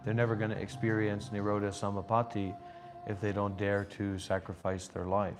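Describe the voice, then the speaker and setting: Low-voiced rambling meditation teacher. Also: male voice, monotone, moderate pace. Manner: rambling and insistent, many "you know" fillers. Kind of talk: casual spiritual conversation. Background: background music.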